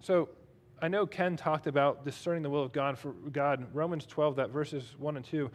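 A man's voice: on the high side, normal speed. A man preaching a sermon in a conversational, self-deprecating way, reading scripture aloud between his own remarks. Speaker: pastor.

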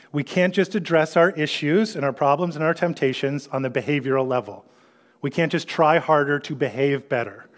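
A middle-aged man giving a conversational sermon as pastor, with frequent fillers and repeated words. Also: a little high.

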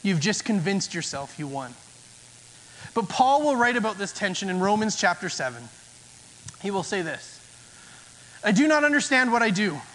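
A man's voice: sits high, sharp tone. A male pastor giving a conversational sermon, slipping into acted-out inner voices to make his points. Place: church sanctuary. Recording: long church hall reverb.

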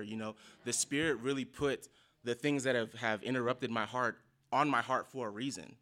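A man sharing a casual personal testimony with a church group, speaking earnestly and haltingly with many fillers and restarts. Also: mid-range voice, pushed and bright. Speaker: church member sharing a reflection.

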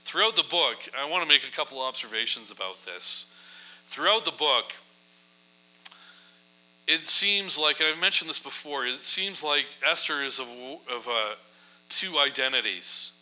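A man preaching a sermon in a casual, humorous storytelling style, often adding quick asides to his listeners. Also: fairly high pitch, expressive, pushed and bright, rough recording. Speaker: pastor.

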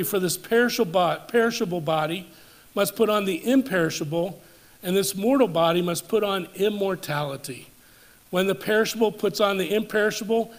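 A pastor with a notably high voice delivers a church sermon in a measured, deliberate preaching manner. He slows and drops his voice to drive a point home, then lifts it with force on the climactic scripture. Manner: measured preaching, slowing and dropping for emphasis, rising on climactic scripture. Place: church service.

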